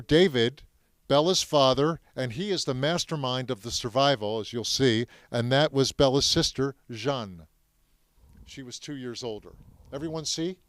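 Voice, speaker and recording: A man's voice: mid-range voice, dry recording. Man giving an emphatic classroom talk. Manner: emphatic, addresses the audience with questions. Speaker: speaker telling his family's story to students.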